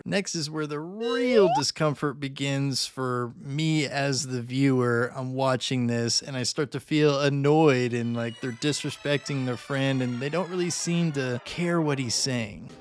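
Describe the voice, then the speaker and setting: A man reviewing a film in casual commentary, relaxed and full of "kind of" and "like". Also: medium pitch, measured pace, hardly any pauses, dry recording, studio quality. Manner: relaxed, filler-heavy with "kind of" and "like".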